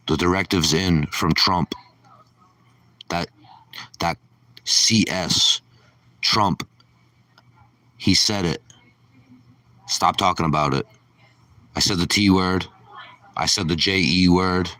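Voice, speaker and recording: A man's voice: low voice, fairly even intonation, slow, long pauses, sharp tone, far from the mic. A man hosting a casual livestream, ranting sarcastically and swearing as he rambles. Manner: sarcastic, profane rambling rant. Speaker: livestream host.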